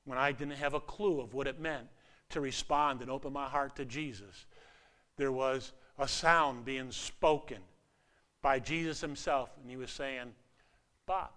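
An older man preaching a sermon in a conversational, animated way, asking the audience questions and swinging from emphatic peaks to hushed asides. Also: medium pitch, measured pace.

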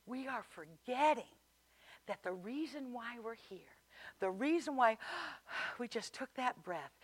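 A woman preaching a sermon, moving between hushed, intimate passages and loud, impassioned declarations. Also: fairly high pitch, expressive, a little slow.

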